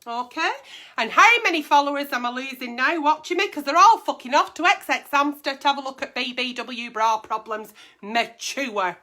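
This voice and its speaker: Woman in her forties, high voice, bright and sharp tone, blunt and sweary agony aunt. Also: moderate pace. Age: 40s. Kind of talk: casual advice chat.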